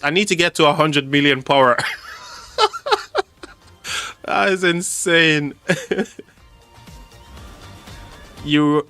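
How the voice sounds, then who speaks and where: A man's voice: medium pitch, fairly bright tone. A man hosting a casual livestream, reading chat aloud and laughing often. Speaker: livestream host.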